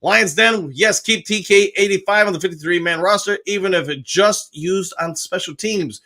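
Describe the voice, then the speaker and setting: A man's voice: high voice, normal speed, pushed and bright. Upbeat man reading chat on a fan stream. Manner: upbeat, reads viewer comments aloud and answers each; frequent "woo" cheers and filler "uh". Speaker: podcast host reading live chat. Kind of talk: casual live-stream chat.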